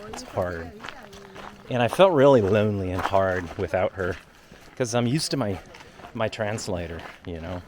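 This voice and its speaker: A man's voice: fairly low pitch, big pitch swings, unhurried, crowd noise. A man vlogging outdoors while on a long walk, talking candidly and emotionally in a rambling way into a handheld phone. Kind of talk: casual travel vlog talk. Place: outdoors on a walking trail.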